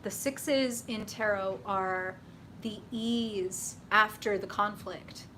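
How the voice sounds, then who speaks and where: A woman hosting a live tarot reading stream, chatty and excitable, with lots of fillers and laughter. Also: mid-range voice, slow pace, slight background noise.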